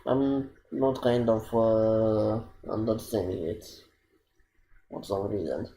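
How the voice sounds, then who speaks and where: A man giving casual gameplay commentary, hesitant and thinking aloud with many pauses. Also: on the low side, fairly even intonation, mellow. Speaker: gaming streamer.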